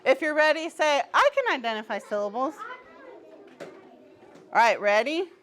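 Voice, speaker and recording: A woman teaching preschoolers in a classroom, encouraging them with frequent praise and gentle teasing. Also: high voice, very animated, moderate pace. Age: adult. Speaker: pre-K teacher. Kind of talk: classroom instruction to small children.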